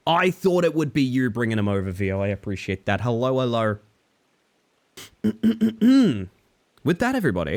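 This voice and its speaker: This fairly high-pitched young man from Western Australia banters playfully with his stream audience while gaming, his Western Australian accent showing a hint of British influence.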